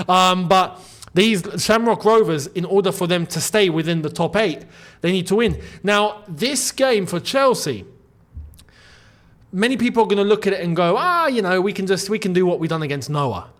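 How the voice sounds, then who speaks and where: Animated man, high voice. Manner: animated, incredulous, swings from loud outbursts to muttering. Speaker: football channel host. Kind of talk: casual solo commentary.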